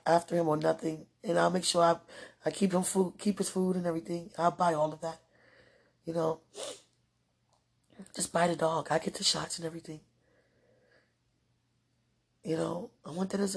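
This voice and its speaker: A woman's voice: on the low side, gravelly, a little mellow, husky. A woman speaking casually and earnestly to her partner, rambling with restarts, religious phrasing and frequent laughter. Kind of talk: casual heartfelt talk.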